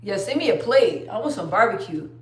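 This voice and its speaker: A woman's voice: mid-range voice, sing-song, a little fast. A young woman chatting casually on a phone live stream, rambling and trailing off. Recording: roomy echo.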